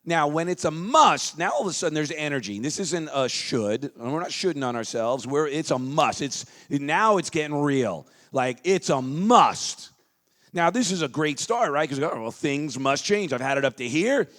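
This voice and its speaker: A man giving an energetic motivational seminar talk, leading the crowd in chants and dropping into quiet asides. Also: a little high, moderate pace. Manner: energetic, leads crowd chants, swings between loud calls and quiet asides.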